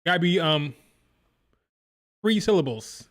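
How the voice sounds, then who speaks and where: A man's voice: on the high side, lively intonation, moderate pace, pauses often. A man hosting a live wrestling watch-along, chatting casually and mimicking crowd chants in a sing-song rhythm. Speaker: live stream reaction host.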